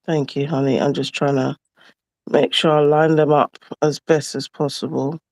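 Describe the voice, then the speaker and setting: A woman hosting a casual nail chat, relaxed and frank, swearing offhandedly while she works. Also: sits low, moderate pace, no echo. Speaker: nail artist host.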